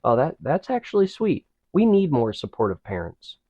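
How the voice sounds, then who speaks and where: A man's voice: medium pitch, wildly swooping pitch, dark tone, dry recording, lo-fi sound. A man co-hosting a podcast, making wry, joking comments in casual banter. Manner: wry, joking asides, slow drawl. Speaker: podcast co-host.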